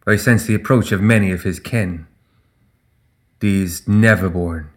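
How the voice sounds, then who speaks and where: A man voicing a stern, proud fae queen in an audiobook, speaking with measured, regal gravity. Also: deep voice.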